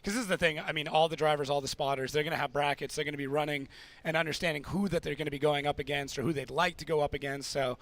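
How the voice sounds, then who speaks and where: A man's voice: fairly high pitch, steady tone, a bit bright. A man giving color commentary on live motorsport, explaining the action analytically. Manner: fast-talking analytical explainer.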